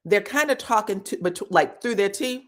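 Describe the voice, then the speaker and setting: Speaking at normal speed in a medium pitch, a female reality TV commentator recaps the latest drama as animated gossip. She curses freely, imitates what people said, and repeatedly checks in with "you know what I'm saying".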